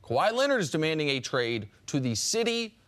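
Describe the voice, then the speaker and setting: A man talks sports on a radio show in a casual debate style. His voice sits a little high for a man, and he gets animated before sinking low and quiet to land each point. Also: fairly quick. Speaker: sports talk show host.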